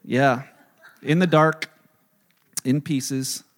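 A man's voice: medium pitch, fairly even intonation, drawn-out words. A middle-aged man, a pastor, preaching and telling a self-deprecating story with quoted dialogue. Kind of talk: sermon storytelling.

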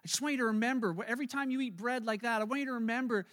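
Casual: preacher doing jesus talking like a buddy, high voice, laid back. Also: male voice, rapid-fire, fairly bright tone. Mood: earnest. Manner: casual, conversational. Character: Jesus as a warm, plain-spoken friend.

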